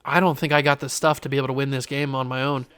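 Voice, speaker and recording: A young man giving live commentary while playing a baseball video game, groaning when it goes badly and shouting when it goes well. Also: medium pitch, fast, smooth. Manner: animated, swings from frustrated groans to excited shouts. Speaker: gaming YouTuber.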